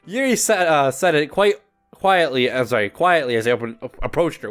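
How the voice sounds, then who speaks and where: A young man reads a visual novel aloud for his gaming channel, his voice bright in pitch and swinging widely up and down. He trips over words, laughs at his own slips and swears casually. Faint music plays underneath. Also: animated, normal speed. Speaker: gaming YouTuber.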